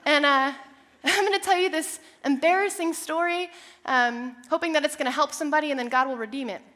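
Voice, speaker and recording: A young woman preaching a sermon, telling a personal story with animated, self-deprecating humor. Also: high-pitched, a little fast. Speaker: church speaker.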